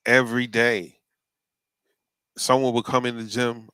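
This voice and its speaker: A man's voice: medium pitch, level tone, normal speed, long pauses, bright, forceful tone, smooth, no echo. A man in a casual chat, speaking bluntly and emphatically.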